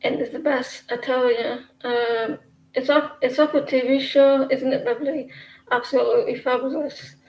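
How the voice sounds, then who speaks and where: Chatty high-voiced woman in a roomy space. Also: steady tone, moderate pace, a little mellow. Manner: rambling, chatty, self-interrupting. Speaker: tarot reader. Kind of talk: casual livestream reading.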